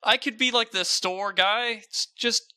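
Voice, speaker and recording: A man's voice: high-pitched, unhurried, bright, forceful tone, clear, resonant tone, no echo. A man from Norway co-hosting a podcast, rambling with many fillers and restarts. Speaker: podcast co-host. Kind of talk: casual chat.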